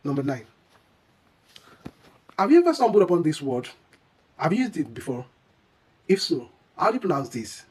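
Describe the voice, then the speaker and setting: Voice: medium pitch, a little mellow, slightly rough, low-quality recording. A teacher giving a scripted English pronunciation lesson, explaining each word carefully and repeating the model words.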